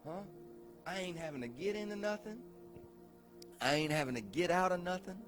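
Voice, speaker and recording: A male pastor delivers a sermon in a loose, conversational way, often repeating words and tossing questions at the room. His voice sits a little high and swings between hushed, slowed passages and loud shouting. Soft music plays faintly behind him. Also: animated. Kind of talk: sermon to a recovery group.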